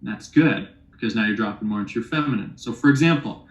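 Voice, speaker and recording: A man's voice: on the low side, quick pace. A man leading a relationship workshop, talking casually and teasing his audience with rhetorical questions. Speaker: workshop teacher. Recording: echoey room.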